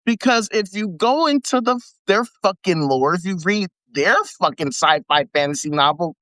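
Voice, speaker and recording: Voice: mid-range voice, animated, normal speed, few pauses, a bit bright, no room sound. Profane mocking livestream ranter. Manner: profane, mocking, laughs between rants. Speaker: livestream host. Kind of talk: live commentary reading an article aloud. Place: home setup for a live video.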